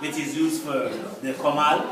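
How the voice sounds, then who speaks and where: A man teaching a class, patiently explaining objects and repeating words slowly for his students. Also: fairly high pitch, little pitch movement. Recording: echoey room, mic far off. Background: class chatter.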